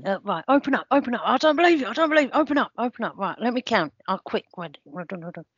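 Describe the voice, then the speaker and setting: A woman's voice: a little high, fast talker, slightly rough, no room sound. A performer voicing Statman John, a daft, eccentric man who talks bluntly and keeps exclaiming. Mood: excitable. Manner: blunt, excitable, says bloody hell. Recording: dull lo-fi sound, dry.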